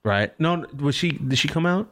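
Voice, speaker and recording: A man's voice: fairly high pitch, lively intonation, moderate pace, fairly bright tone. A young man on a podcast telling a rambling, profane story about himself in casual chat, laughing at himself. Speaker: podcast co-host.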